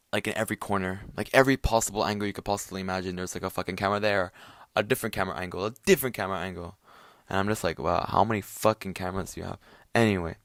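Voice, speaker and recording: A man's voice: sits low, fairly bright tone, no room sound, clean studio sound. A man hosting his own podcast, ranting casually with lots of swearing, fillers and restarts. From Italian family. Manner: profane, rambling, many fillers and restarts. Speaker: podcast host. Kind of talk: casual rant.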